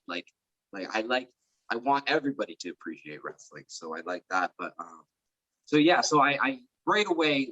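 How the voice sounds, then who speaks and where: A young man chatting as an interview guest, rambling and filling pauses with "like" and "um". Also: mid-range voice, sharp tone, dry recording, lo-fi sound. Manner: rambling, heavy use of fillers like "like" and "um". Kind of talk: casual chat.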